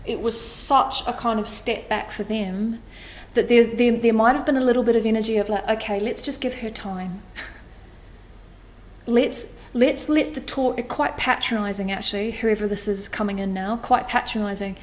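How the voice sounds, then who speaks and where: A woman giving an intuitive astrology reading to camera, animated and blunt, swearing casually as she talks. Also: fairly high pitch. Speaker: astrology tarot reader.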